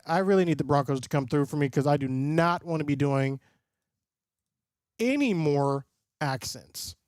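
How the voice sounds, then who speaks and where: A man doing live play-by-play commentary and reaction as a streamer host, excitable and often breaking into loud hype. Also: a little high, no echo, clean studio sound. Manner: excitable, swings into loud bursts of call-style hype. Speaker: livestream host and sports fan.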